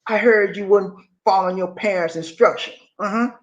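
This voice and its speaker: A man voicing a swaggering adult male jail inmate who teases a young boy in a high, loud, mocking drawl. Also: normal speed, lo-fi sound, natural voice. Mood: menacing tease.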